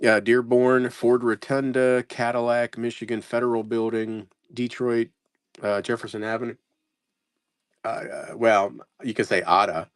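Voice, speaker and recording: A man's voice: fairly low pitch, no room sound, studio quality. A man running a casual live sales stream, reading out place names and stumbling over how to say them, self-mocking. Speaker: live-stream postcard seller.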